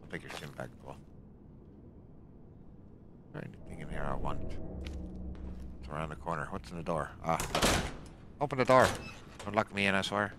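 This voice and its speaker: A man's voice: very deep voice, normal speed, long pauses, noisy background. A man giving casual commentary while playing a game, grumbling and growling a pirate-like "arr" between remarks. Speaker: gaming channel host.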